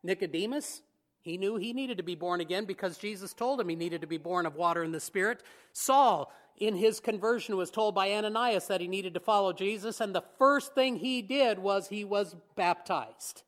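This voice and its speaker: A male preacher delivers a sermon in a relaxed, conversational way, often asking his listeners rhetorical questions. His voice sits high for a man. He keeps his tone easy and light, with a chuckle here and there. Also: moderate pace.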